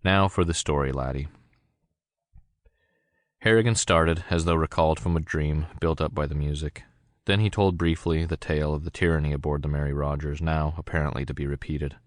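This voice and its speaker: A male narrator reads a novel aloud in steady scripted narration. His voice sits extremely low. The sound is dry and close, with no room in it. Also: fairly quick, no room sound. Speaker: audiobook narrator.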